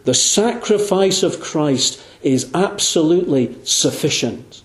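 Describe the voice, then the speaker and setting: A man preaching a sermon, earnest and emphatic. He slows right down and drops low on the words he wants to stress. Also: lively intonation. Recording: roomy echoing hall.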